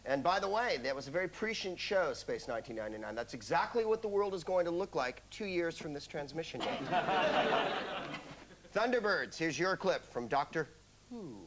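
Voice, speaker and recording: A man with a fairly high, sing-song voice hosts a comedy quiz show at normal speed, delivering wry, arch scripted patter. He's in a television studio, and the recording carries a loud studio audience and noise.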